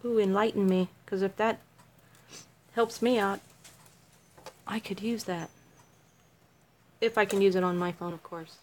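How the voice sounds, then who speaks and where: A woman's voice: medium pitch, steady tone, a little slow, pauses often, a little hiss or hum. A middle-aged woman making a craft video, chatting casually on a livestream, giggly and self-mocking.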